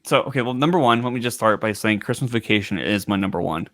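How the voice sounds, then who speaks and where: A man in his twenties co-hosting a casual podcast, telling stories in an animated way. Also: fairly low pitch, fast talker, dry recording, studio quality. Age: 20s. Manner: animated storytelling with laughs. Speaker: co-host.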